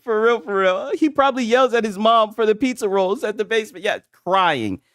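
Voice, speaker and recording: A man's voice: sits high, lively intonation, fairly quick, clean tone, no room sound. Give me a male streamer who laughs constantly and teases his chat, voice bouncing all over, bone-dry. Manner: mocking, laughs often, profane. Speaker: gaming commentary streamer. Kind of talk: casual livestream commentary.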